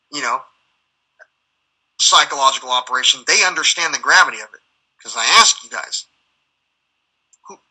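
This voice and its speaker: A man with a husky voice that has a sharp, bright edge tells stories as a podcast guest. He rambles and swears, and he heats up as he acts out the voices of the people in his stories. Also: on the high side, poor audio. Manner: profane, heated, acts out dialogue. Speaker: guest, military veteran. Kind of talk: rambling storytelling in conversation.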